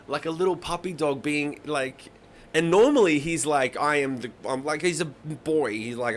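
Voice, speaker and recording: His voice leans high and fairly bright, with lively intonation and a normal speed, and there's a little background noise. The speaker, a man in his thirties hosting a live songwriting stream, chats casually with his audience, swearing freely through rambling stories.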